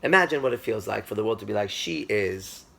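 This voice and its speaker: Guy telling a story in a lecture, husky and a bit raspy, low voice, talks right to you. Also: very fast. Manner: animated storyteller, addresses listeners directly.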